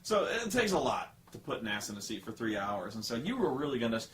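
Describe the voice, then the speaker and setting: A man's voice: mid-range voice, sing-song, fast talker, a little hiss or hum. A man hosting a casual movie review chat, joking and swearing, acting out scenes in sarcastic put-on voices. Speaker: vlog host.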